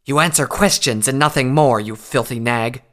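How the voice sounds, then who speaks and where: A man's voice: mid-range voice, expressive, brisk, voice pushed up, close to an everyday voice. A man voicing a cruel, hot-tempered female unicorn captain who hisses her threats in an audiobook. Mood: hissing. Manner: hissing, menacing. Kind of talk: audiobook character voice.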